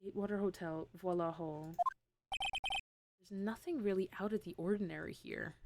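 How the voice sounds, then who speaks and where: A woman's voice: on the low side, moderate pace, heavy background noise. A young woman streamer giving chatty, rambling commentary while she plays a game. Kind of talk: casual gameplay commentary. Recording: game music playing behind.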